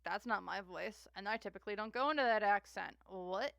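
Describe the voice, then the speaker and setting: A woman's voice: medium pitch, brisk, gravelly, few pauses, a bit bright, no echo. A woman giving a casual, rambling tarot reading monologue, repeating herself and trailing off into fillers. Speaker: tarot reader.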